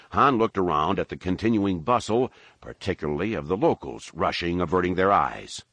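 A man narrating an audiobook in a lively, expressive storytelling manner. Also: deep voice, moderate pace, no room sound.

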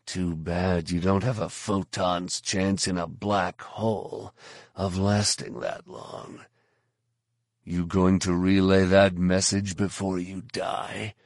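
A man's voice: sits low, flat delivery, takes it slowly, no room sound. A man voicing a blunt male armored bounty hunter who talks in a curt, dry, sardonic way.

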